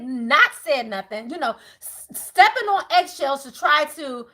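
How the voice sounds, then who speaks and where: Middle-aged woman doing a tarot reading live, high voice, talks big then drops to a quiet prayer, swears a lot. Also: measured pace, few pauses. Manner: animated, preachy, swinging from loud to hushed prayer; casual, outspoken, swears freely. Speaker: tarot reader.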